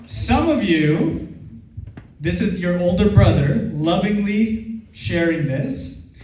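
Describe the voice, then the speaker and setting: High-voiced Filipino man coaching a hall. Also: takes it slowly, a little hiss or hum. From Philippines. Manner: energetic, laughs often, leads the crowd in repeating lines. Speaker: seminar speaker and trainer. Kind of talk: motivational seminar talk with call-and-response. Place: large event hall with a live audience. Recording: echoey hall, voice far from the mic.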